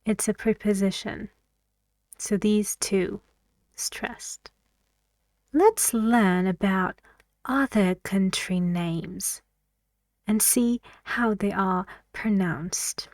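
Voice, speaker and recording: Woman, English teacher, pronunciation lesson, very slow, careful repetition, soft whispers at times, dry close sound. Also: mid-range voice, no room sound. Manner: slow, deliberate, repeats each word several times.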